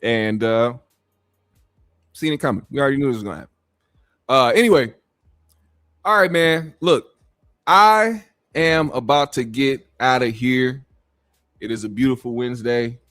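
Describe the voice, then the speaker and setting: A man's voice: mid-range voice, normal speed, long pauses, a bit bright, dry recording, clean studio sound. A man hosting a casual commentary stream, rambling in a laid-back, profane way. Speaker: show host.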